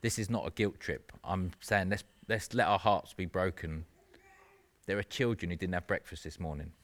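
A man's voice: low voice, steady tone, normal speed, fairly bright tone. A man preaching a sermon in an earnest, conversational way, with self-mocking asides.

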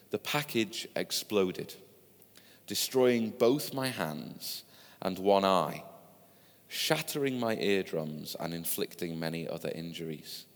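Male preacher, fairly low voice, conversational storytelling sermon. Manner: conversational storytelling with asides to listeners. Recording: long hall reverb.

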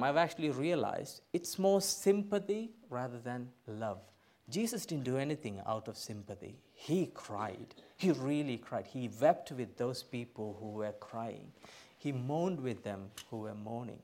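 A middle-aged man, a pastor, preaching a sermon in a church, emphatic, swinging from loud bursts to quiet asides. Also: mid-range voice. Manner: emphatic, rising to loud bursts then dropping soft.

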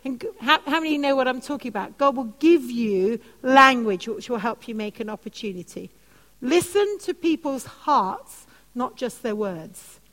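Woman, preacher, animated stories, fairly high voice, long hall echo. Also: moderate pace. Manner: animated storytelling, soft lowered voice for quoted comforting words. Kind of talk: teaching session on prayer.

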